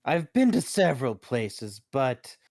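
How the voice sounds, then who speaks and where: A man voicing a gnome newcomer in a tabletop game, using a put-on gravelly voice with a Midwestern accent and an apologetic, hesitant way of talking. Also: medium pitch, big pitch swings, a little slow, darkish tone, no echo, studio quality. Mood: uncertain. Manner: hesitant, apologetic, stumbling over words. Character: gnome newcomer from a grim penal world.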